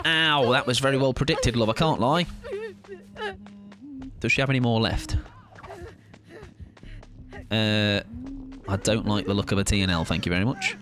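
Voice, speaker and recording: This is casual chat on a gaming livestream, where a male streamer talks with his viewers as he plays. He's chatty, greets the chat, and yelps in sharp high bursts mid-game.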